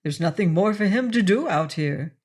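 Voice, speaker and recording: A woman's voice: medium pitch, animated, normal speed, darkish tone, slightly rough. A woman reading an audiobook, voicing a proud, spirited young lady who speaks with cool dignity.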